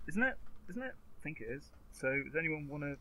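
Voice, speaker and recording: A man co-hosting a podcast, chatty and quick to laugh. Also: a little high, big pitch swings, sharp tone, a little hiss or hum, low-quality recording. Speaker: podcast co-host. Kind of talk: casual banter.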